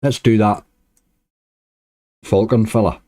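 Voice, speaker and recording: Mellow low-voiced man chatting over slots. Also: fairly even intonation, takes it slowly. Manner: chatty, cheers at bonuses. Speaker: slots streamer. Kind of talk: casual commentary on slot play.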